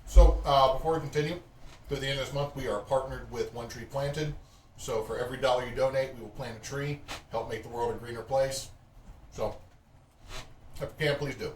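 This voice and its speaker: A man's voice: mid-range voice, brisk, slight background noise. Joking man running a tabletop game. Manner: joking, relaxed recap. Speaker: game master. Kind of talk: casual tabletop stream chat. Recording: echoey room, mic far off.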